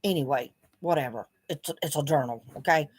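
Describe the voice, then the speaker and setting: A woman's voice: deep voice, a little fast, husky. A middle-aged woman speaking bluntly in a video journal, swearing often as she vents her frustration. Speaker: vlogger.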